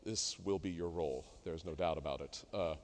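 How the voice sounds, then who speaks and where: A middle-aged man coaching a singer in a masterclass, talking haltingly with many fillers and sung demonstrations. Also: deep voice, a little mellow, slight background noise. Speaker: vocal coach leading a masterclass. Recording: reverberant hall.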